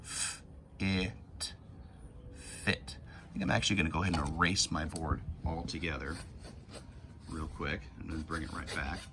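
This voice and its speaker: A man with a low voice leads a phonics lesson for young children. He talks patiently and stretches words out slowly to sound out each letter, with faint noise in the background. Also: fairly even intonation. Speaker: teacher.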